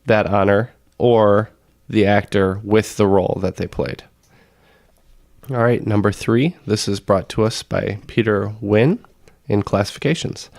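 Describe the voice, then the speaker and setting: A man with a raspy, hoarse voice from being sick, reading out trivia questions as the quizmaster of a podcast. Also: lowish voice, a little mellow, no echo, clean studio sound.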